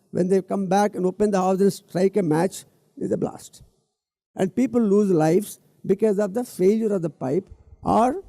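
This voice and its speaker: Middle-aged guy giving a stage talk, higher voice, dark mellow tone, dry sound. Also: gravelly, no echo. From India. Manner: earnest, emphatic, repeats key words, addresses the audience directly. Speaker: speaker at a public talk event.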